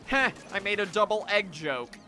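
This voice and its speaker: Lively young man streaming a game. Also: high voice, moderate pace, faint music behind. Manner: chatty, reacts to the game and talks to chat. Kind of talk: live gameplay commentary.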